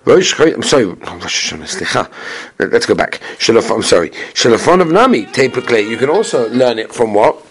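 During a Talmud class on the Gemara, an animated man with a husky, medium-pitched voice talks fairly quickly. He chants the Aramaic text, explains it in English, and poses questions that he answers himself.

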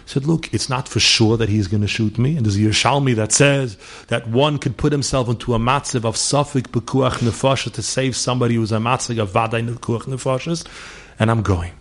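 Speaking a little fast in a steady, medium-pitched voice, a middle-aged man gives a holiday talk as a rabbi. His sermon is full of stories, with Yiddish and Hebrew mixed into his English and characters given their own voices.

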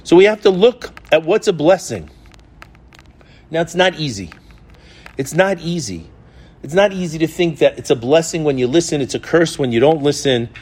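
Emphatic man preaching, higher voice. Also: lively intonation, moderate pace, darkish tone. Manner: emphatic, with repetition and rhetorical questions; storytelling. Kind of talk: sermon.

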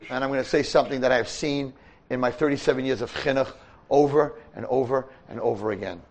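An older man, a rabbi and teacher, giving a storytelling sermon in a yeshiva study hall, animated and breaking into shouts. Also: mid-range voice, a little fast.

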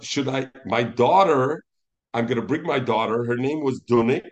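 A man teaching a Talmud lesson in an animated way, mixing Hebrew and Yiddish terms into English and acting out the rabbis he quotes. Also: mid-range voice, normal speed.

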